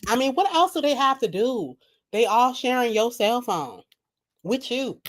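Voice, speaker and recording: A woman's voice: on the high side, big pitch swings, unhurried. A woman hosting a late-night live reaction stream, blunt and profane, laughing at her own jokes. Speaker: reaction video host. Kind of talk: casual live reaction commentary. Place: home at night.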